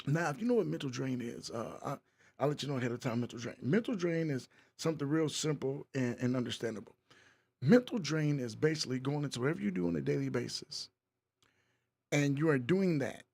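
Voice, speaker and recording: A man's voice: medium pitch, lively intonation, brisk, creaky, a little mellow, breathy edge. A man hosting his podcast, calling for applause and talking loosely about mental wellness. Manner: hyped crowd-work, repetitive, loose. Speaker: podcast host. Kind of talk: casual hosting monologue.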